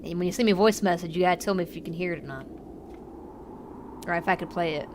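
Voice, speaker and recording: A woman's voice: lowish voice, fast talker. Woman, live streamer, chatty, rambling, thinks aloud, emotional, faint hiss. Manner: emotional, easily moved. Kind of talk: live gameplay commentary.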